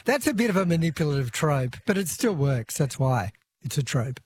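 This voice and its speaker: A man hosting a call-in radio show, relaxed and chuckling as he reads listener messages. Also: a little high, fairly quick, slight background noise. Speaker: radio host.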